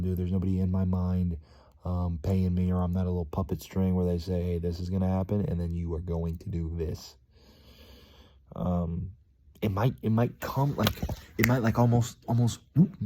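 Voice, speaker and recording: A man's voice: low-pitched, mellow. A young man talking casually to his viewers in a rambling, slangy vlog monologue, full of fillers and calling people "dude". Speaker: vlogger.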